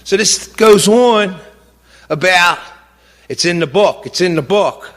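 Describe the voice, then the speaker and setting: A middle-aged man speaking as a grieving father in an impassioned speech, halting with fillers at times and indignant at others. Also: high voice, a bit bright. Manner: indignant, rising to heated outbursts. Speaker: grieving father giving a talk.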